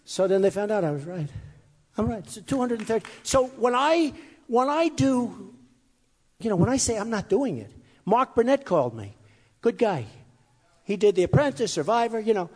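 In a high-pitched voice with big pitch swings at normal speed, a male candidate delivers a rambling, boastful campaign speech, often repeating himself. The event takes place in a large hall with a crowd. Long hall reverb marks the recording.

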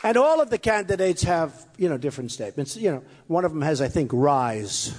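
This candidate's voice is on the high side, sing-song and breathy-edged, moving fairly quickly, with a faint crowd audible. He rambles and boasts at a campaign event, frequently repeating himself. The setting is a large, crowded hall with long reverb.

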